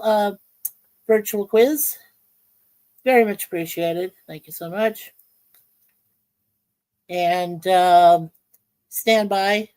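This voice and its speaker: A woman hosts a casual livestream from home. She rambles in halting phrases full of fillers and greets chat viewers by name. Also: mid-range voice, darkish tone, poor audio. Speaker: livestream host. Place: home in Ontario, Canada.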